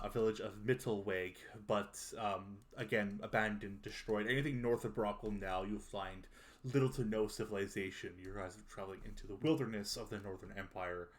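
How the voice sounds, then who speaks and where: A man narrating as game master of a tabletop game, unhurried and pausing often on fillers. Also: lowish voice. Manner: unhurried, many filler pauses.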